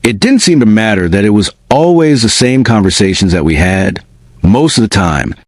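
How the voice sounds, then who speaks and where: A man narrating a first-person spooky story in an expressive, unhurried way. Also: lowish voice, dry recording.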